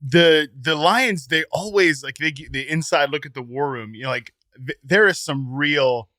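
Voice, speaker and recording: A man co-hosting a sports podcast, talking casually in an animated, joking way. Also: a little high, moderate pace, no echo, studio quality. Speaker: podcast co-host.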